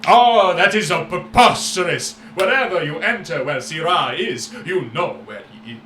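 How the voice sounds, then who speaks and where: A man's voice: expressive, normal speed, bright, forceful tone, roomy sound, a little hiss or hum. A man voicing a boastful, flamboyant merchant who talks in big, grand phrases. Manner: booming, grandiose.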